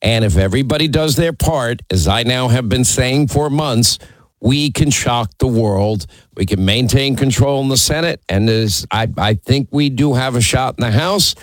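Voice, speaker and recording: A man's voice: mid-range voice, no echo, low-quality recording. A man hosting a call-in talk radio show, speaking emphatically and teasing callers.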